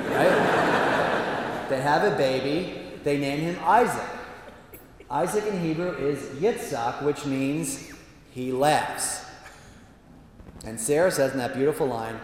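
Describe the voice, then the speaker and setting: A man's voice: fairly high pitch, lively intonation, unhurried. A man, a priest, giving a humorous talk to an audience, telling stories with playful asides. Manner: playful storyteller with frequent asides. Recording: roomy hall reverb, faint background noise.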